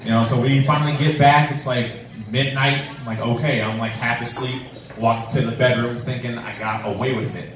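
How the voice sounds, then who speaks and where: A man's voice: medium pitch, fairly even intonation, moderate pace, a bit bright. A young man doing a stand-up comedy set, with a rambling manner full of fillers. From New Mexico, USA. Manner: rambling, filler-heavy storytelling with many "like"s and "um"s. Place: comedy club stage. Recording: echoey room, distant mic, faint room noise.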